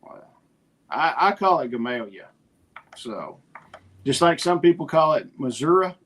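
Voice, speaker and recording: Man, middle-aged, podcast co-host, rather high voice, lively storyteller. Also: unhurried. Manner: storytelling, animated retelling of conversations. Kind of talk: casual chat.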